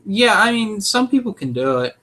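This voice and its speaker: A young man with a fairly high voice talks in a casual chat. He is opinionated and animated and cracks crude jokes as he goes. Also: normal speed. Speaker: podcast co-host.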